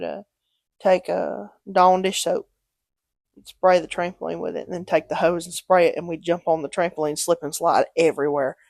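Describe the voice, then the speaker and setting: Animated woman telling stories. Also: fairly low pitch, gravelly, no echo, studio quality. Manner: animated storytelling, swears freely, acts out quotes. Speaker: podcast co-host. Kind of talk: casual chat.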